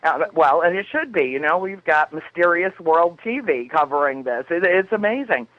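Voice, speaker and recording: An effusive woman guest chats and tells stories, laughing often. Her voice is fairly low for a woman. It comes through dull, lo-fi audio. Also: lively intonation, normal speed, no room sound. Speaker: guest author. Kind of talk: casual chat.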